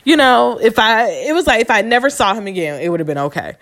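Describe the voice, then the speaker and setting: A woman's voice: a little high, lively intonation, fast, fairly bright tone. A woman hosting a podcast, telling a personal story in a candid, emphatic and profane casual monologue. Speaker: podcast host.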